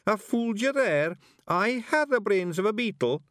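A man's voice: sits high, lively intonation, moderate pace, fairly bright tone, no room sound, studio quality, pitched above the performer's own voice. Guy doing a dim proud pixie, goofy and bouncy. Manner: boastful, dopey. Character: dim-witted proud little pixie man.

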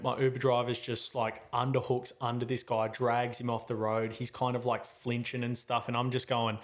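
A man, a podcast host telling a travel story in casual, rambling chat full of slang and fillers. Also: medium pitch.

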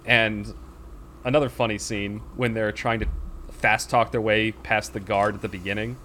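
A man's voice: fairly low pitch, level tone, normal speed, pushed and bright, a little hiss or hum. A man chatting casually on a podcast, retelling a film's plot in a rambling way with many fillers and acted-out quotes. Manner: rambling storyteller with fillers, acts out quoted lines.

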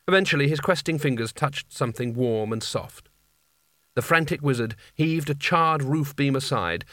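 A man narrates an audiobook in a measured, wry storytelling manner. His voice sits at a middle pitch. The recording is close and dry, with no room sound. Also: fairly bright tone, no room sound. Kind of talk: scripted narration.

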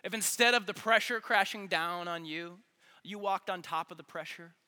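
Man, youth pastor, high voice, earnest sermon, repeats for emphasis, long hall reverb. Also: normal speed, bright, forceful tone. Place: large church worship hall.

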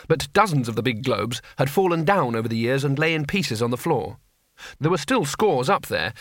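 Man, audiobook narrator, animated delivery, bright voice. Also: mid-range voice, no room sound, studio quality. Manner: expressive storytelling. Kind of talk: scripted narration.

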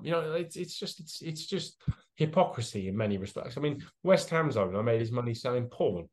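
A man's voice: medium pitch, fairly bright tone. A man, co-hosting a casual sports podcast, speaking bluntly and sarcastically with casual swearing. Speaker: podcast co-host.

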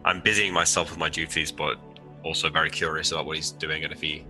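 A man's voice: a bass voice, level tone, quick pace, bright, forceful tone, soft background music. A man playing in a tabletop role-playing game, talking hesitantly and casually about his character's actions. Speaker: player.

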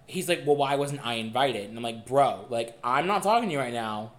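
A young man co-hosting a podcast, telling a dating story in a casual, animated and profane way. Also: mid-range voice, fairly quick. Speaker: podcast co-host. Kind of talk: casual chat.

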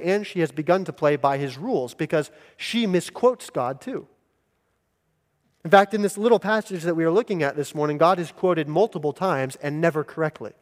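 Emphatic preacher man in a reverberant hall. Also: fairly high pitch. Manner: deliberate, emphatic teaching. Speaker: pastor. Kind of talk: sermon.

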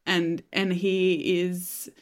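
A woman's voice: lowish voice, little pitch movement, drawn-out words. A woman co-hosting a fan podcast in casual chat, musing aloud and agreeing along. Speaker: podcast co-host.

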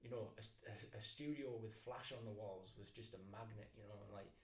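A man's voice: on the low side, a little fast. A middle-aged man, a tattoo artist co-hosting a casual podcast, telling stories animatedly with frequent laughs and restarts. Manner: animated storyteller, laughs often, many restarts. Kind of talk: casual chat, storytelling. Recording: roomy echo.

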